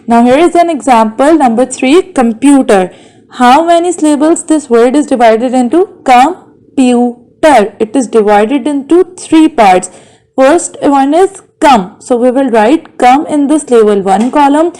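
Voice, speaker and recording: Woman, Bangladeshi English accent, high-pitched; patient teacher who drills words syllable by syllable. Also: lively intonation, dark tone, rough recording. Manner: slow, carefully sounds out words syllable by syllable. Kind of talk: classroom lesson.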